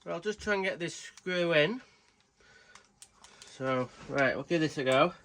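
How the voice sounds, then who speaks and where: A man's voice: on the high side, expressive, a little slow, a bit bright, a little hiss or hum. A British man hosting a casual tool review vlog, chatty and rambling, swearing freely. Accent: British English. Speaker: tool reviewer, channel host.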